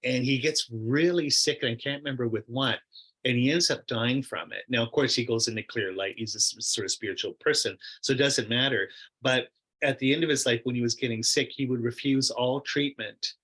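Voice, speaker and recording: A middle-aged man, a Buddhist meditation teacher, telling a story in a relaxed, rambling way with many fillers and quoted asides during a question-and-answer discussion. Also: mid-range voice, fairly quick, breathy edge, low-quality recording.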